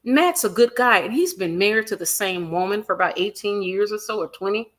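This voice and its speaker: A woman hosting a celebrity gossip livestream, animated and emphatic, repeating her points and reading viewer comments aloud. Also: medium pitch, a little fast. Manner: animated, acts out quotes in other voices, reads viewer comments aloud; emphatic repetition.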